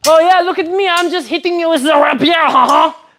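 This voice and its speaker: A woman's voice: very high-pitched, brisk, a bit bright, pitched above the performer's own voice. A woman voicing a boastful, cartoonish rapier fencer in a mock Italian accent. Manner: showy, mocking swagger.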